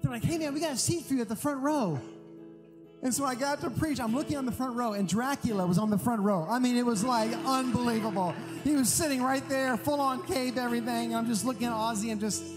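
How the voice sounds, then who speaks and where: A man preaching a sermon as pastor, telling stories in an animated, emphatic way. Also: very high-pitched, fast talker. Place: large church hall. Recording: long hall reverb with music. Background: guitar music.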